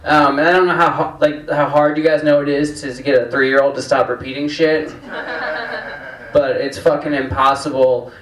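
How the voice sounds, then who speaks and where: A man's voice: a little high, fairly even intonation, moderate pace, fairly bright tone. A man hosting a stand-up comedy night, telling rambling, profane stories full of fillers. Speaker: comedy show host. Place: comedy club stage. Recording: roomy, distant club recording.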